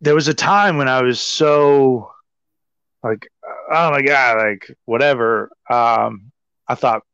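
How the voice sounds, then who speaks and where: A man's voice: mid-range voice, slow pace, creaky, smooth, no echo. Guy rambling through a crazy story, swears a lot, says like constantly, dry kinda muffled audio. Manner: animated, profane, heavy use of "like". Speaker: guest. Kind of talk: casual storytelling. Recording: slightly dull, dry sound.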